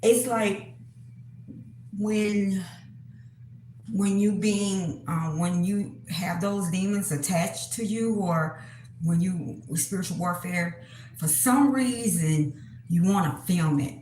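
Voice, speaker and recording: A woman hosting her own channel, talking casually to viewers in a halting way, with many pauses and fillers and frequent throat-clearing. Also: mid-range voice, a little mellow, roomy sound, a little hiss or hum, rough recording. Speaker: spiritual reader, channel host. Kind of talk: casual monologue to camera.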